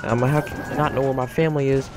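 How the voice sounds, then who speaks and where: A man's voice: mid-range voice, steady tone, racing. A man telling a dramatic story in a casual, slangy way, with comic asides. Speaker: gaming YouTuber.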